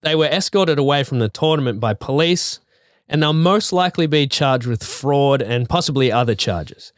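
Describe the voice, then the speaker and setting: A man's voice: mid-range voice, normal speed, no room sound, clean studio sound. A man co-hosting a podcast in casual chat, telling a news story loosely with lots of "like" and "you know". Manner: relaxed storyteller, many "like" and "you know" fillers. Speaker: podcast co-host.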